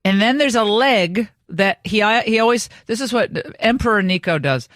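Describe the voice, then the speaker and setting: A woman's voice: medium pitch, lively intonation, moderate pace, fairly bright tone, no room sound, clean studio sound. A middle-aged woman hosting a radio talk show, telling a story in a chatty way with many restarts. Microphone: studio microphone.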